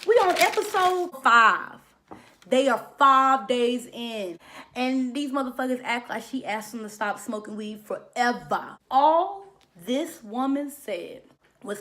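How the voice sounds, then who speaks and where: A woman's voice: a little high, animated, slow, pushed and bright. A woman giving a casual, profane and sassy review of a reality TV episode, with emphatic commentary. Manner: mocks people by mimicking their lines. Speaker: reality TV recap vlogger.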